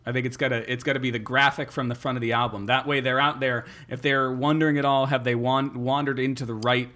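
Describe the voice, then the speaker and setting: A man co-hosting a podcast in casual chat, teasing wryly in a deadpan way with frequent hesitations. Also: mid-range voice, quick pace. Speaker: podcast co-host.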